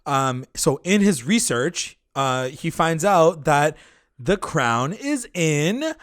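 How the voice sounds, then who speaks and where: A young man with a slightly high voice, recapping an episode in a loose, rambling way full of "like" and "um" and casual swearing. His voice is close and dry, with no room sound around it. He talks like he is chatting with a friend on a podcast mic. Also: big pitch swings, slow pace, a bit bright, no room sound. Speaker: podcast co-host.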